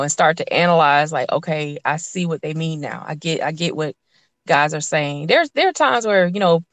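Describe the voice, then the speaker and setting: A woman's voice: lowish voice, dry recording. A woman guest in a casual interview, telling stories animatedly and acting out what people said. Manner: animated storyteller, acts out quotes.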